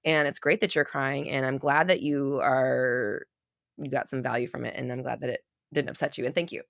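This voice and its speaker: A woman's voice: extremely low pitch, steady tone, moderate pace, creaky, fairly bright tone. A woman hosting a livestream who answers chat questions, talking bluntly with swearing, restarts and rambling asides. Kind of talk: casual livestream advice talk.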